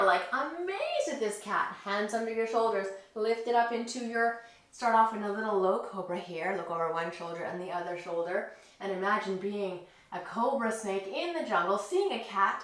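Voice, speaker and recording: A woman leading a children's yoga story, talking in a gentle, encouraging and playful way. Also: mid-range voice. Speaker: kids yoga teacher. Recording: echoey room, distant mic.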